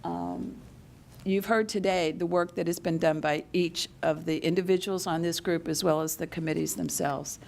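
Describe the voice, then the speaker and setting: A woman chairing a committee meeting, thanking members with many halting restarts. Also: lowish voice, fairly even intonation, gravelly, darkish tone, a little hiss or hum. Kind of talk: formal meeting remarks. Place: meeting room.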